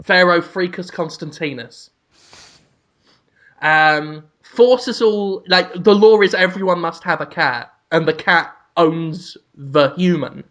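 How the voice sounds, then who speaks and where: A man's voice: high voice, slow pace, fairly bright tone. A man co-hosting a comedic podcast, laying out absurd mock-grand schemes with a straight face. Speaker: podcast co-host.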